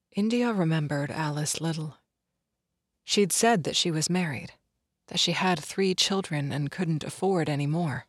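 Casting: measured audiobook narrator with a slightly husky voice. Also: male voice, a little high, no room sound, clean studio sound. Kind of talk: scripted narration.

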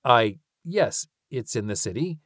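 A woman's voice: rumbling low, big pitch swings, a little slow, fairly bright tone, no room sound, exaggerated voice. A stiff, flustered man who answers in short, clipped denials, as a woman reads him close to her own voice. The reading is dry and close. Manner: prim, curt.

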